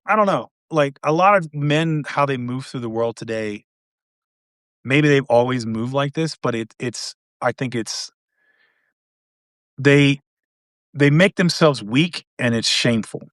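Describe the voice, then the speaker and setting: A man's voice: mid-range voice, measured pace, long pauses, a bit bright, dry recording, clean studio sound. A man hosting a podcast, talking in a laid-back, rambling way with lots of restarts. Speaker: podcast host. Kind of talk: casual conversation.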